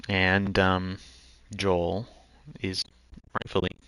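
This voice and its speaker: A man's voice: low voice, completely flat delivery, drawn-out words, fairly bright tone, a little hiss or hum. A man giving rambling let's-play commentary as he plays a video game, often restarting his sentences. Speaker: gaming video host.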